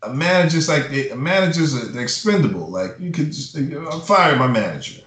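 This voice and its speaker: A man's voice: fairly high pitch, big pitch swings, a little fast, fairly bright tone. Blunt, cursing man in a roomy space. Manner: blunt, profane, heated ranting. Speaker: music publisher. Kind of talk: casual advice talk in an interview. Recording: roomy echo.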